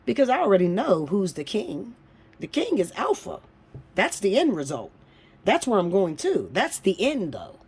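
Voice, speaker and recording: A woman giving a casual tarot reading to camera. She talks bluntly and swears a lot, with a teasing tone that swings from low mutters to high, loud bursts. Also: wildly swooping pitch, moderate pace, slightly rough. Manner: blunt, profane and teasing, breaks into laughs. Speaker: tarot reader.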